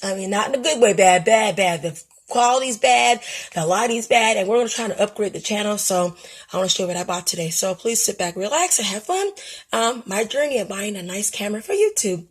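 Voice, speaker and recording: A chatty woman hosts a casual unboxing vlog for her craft channel, talking straight to "you guys" with a husky, slightly breathy voice. She swings between shy self-deprecation and bursts of excitement, at a middling pitch. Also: a little fast. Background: people upstairs making noise.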